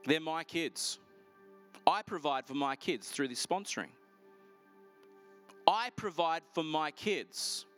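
Man doing a calm, fatherly God voice, steady and reassuring. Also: on the high side, slow, pauses often, faint music behind. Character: God speaking gently, a fatherly voice.

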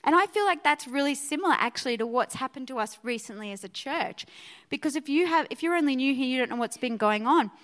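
High-voiced woman preaching with energy. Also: fast. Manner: energetic, conversational preaching with frequent "right?". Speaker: pastor. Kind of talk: sermon. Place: church auditorium.

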